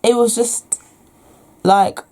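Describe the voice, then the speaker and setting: Speaking slowly in a voice on the high side, a young woman talks openly to the camera about her own experience. Her intonation stays fairly even, and her reflective account is marked by soft sighs and repeated restarts.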